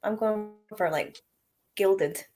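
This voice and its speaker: This is a woman at a mid pitch, chatting casually on a shop livestream. She is giggly and chatty, and pokes fun at herself as she talks. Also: slow, a little mellow, slight background noise. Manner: giggly, chatty and self-mocking. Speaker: whisky shop staff and distillery tour guide.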